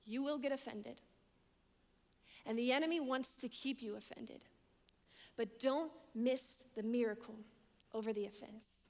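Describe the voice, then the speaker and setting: A woman's voice: a little high, moderate pace. Young adult director, woman; emphatic sermon delivery with long hall reverb. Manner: emphatic, repeats key lines, swings between loud and hushed.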